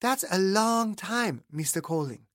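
A man voicing an odd, gentle woman scientist who speaks slowly in short, simple phrases, in an audiobook. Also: medium pitch, expressive, dry recording, studio quality, pitched above the performer's own voice. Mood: coaxing. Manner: slow, halting, simple phrasing.

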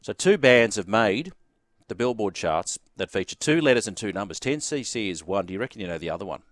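A man's voice: lowish voice, expressive, fairly quick, no room sound, clean studio sound. A man with an Australian accent hosting a sports radio quiz and chatting easily with callers in a jovial way. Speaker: radio host.

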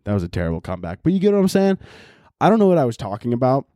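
A young man hosting a solo podcast at home, talking in a loud, profane, animated rant and shouting at times, recorded on laptop audio. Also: medium pitch, rapid-fire, dry recording, clean studio sound. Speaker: podcast host.

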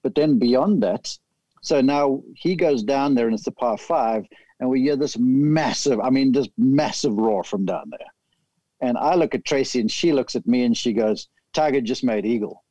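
Mellow-voiced man telling a golf story. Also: medium pitch, moderate pace, no echo, dull audio. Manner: animated, vivid storyteller. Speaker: golf analyst guest. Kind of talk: casual storytelling chat.

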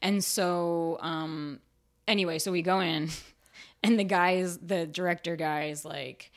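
A woman actor and writer talking frankly in a casual interview, full of "like" fillers, her voice jumping high whenever she quotes herself. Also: steady tone, measured pace. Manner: chatty and frank, fillers like "like", jumps high when quoting herself. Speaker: actor and writer, podcast guest.

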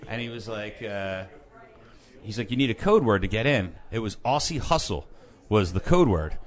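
A man's voice: on the low side, normal speed. A man on a podcast telling a rowdy, profane story in a casual chat, acting out what people said. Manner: animated, profane anecdotes with quoted voices. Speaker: podcast guest, band member.

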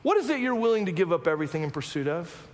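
High-voiced animated preacher man. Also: racing. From Arizona. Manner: animated, humorous, full of rhetorical questions. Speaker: pastor. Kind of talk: sermon. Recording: reverberant hall.

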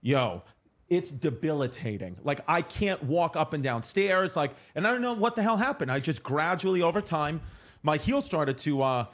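A man in his thirties hosting a comedy podcast, telling stories in a giggly, profane, animated way. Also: on the high side, moderate pace. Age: 30s. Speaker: podcast host. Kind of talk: casual comedy podcast chat.

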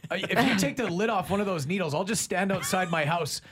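A man's voice: high voice, fairly bright tone, a little hiss or hum. A man hosting a morning radio show, joking and rambling in casual banter with his co-hosts. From Canada. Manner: joking, rambling, quick laughs.

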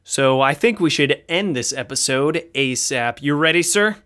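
A man hosting a podcast in casual, joking chat. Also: a little high. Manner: animated, joking, quick asides. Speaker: podcast host.

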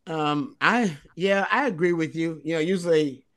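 A man's voice: fairly high pitch, normal speed, fairly bright tone. A man co-hosting a sports podcast, analyzing a football game in casual talk and stressing points by repeating phrases. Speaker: co-host.

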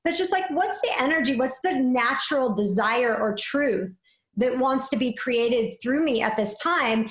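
A woman with a high, light voice talks in a relaxed conversation. She muses in a flowing way, tagging thoughts with "like" and "right?". The room around her rings with echo. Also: normal speed. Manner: flowing, reflective, many "like" and "right?" fillers. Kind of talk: casual conversation.

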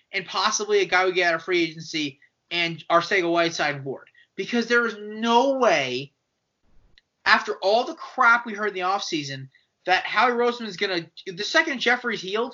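Man, sports podcast co-host, forceful bright voice, argumentative, muffled lo-fi audio. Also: sits high, brisk. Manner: animated, argumentative, acts out quoted voices. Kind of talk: casual sports podcast chat.

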